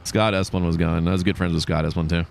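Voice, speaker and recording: Male streamer, low register, chatty meandering anecdote delivery. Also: flat delivery, fast talker, vocal fry. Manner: rambling, with many fillers and restarts. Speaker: livestream host. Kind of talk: casual storytelling during a game stream.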